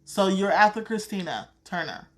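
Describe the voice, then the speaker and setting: Southern woman, tarot reader on a live stream, salty and blunt, mid-pitched, chatty, calls folks sweetheart. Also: lively intonation, normal speed. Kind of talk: casual live-stream chat.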